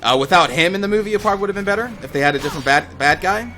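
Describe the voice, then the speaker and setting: A man's voice: sits high, expressive, racing, bright, forceful tone. A young man rambling casually as a gaming channel host, talking over his gameplay with lots of fillers and the odd swear word.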